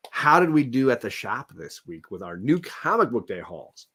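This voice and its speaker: A man's voice: mid-range voice, sing-song, moderate pace, fairly bright tone, husky. Male host, easygoing and casual, steers the chat and reads out viewer comments. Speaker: host of a live comic book show.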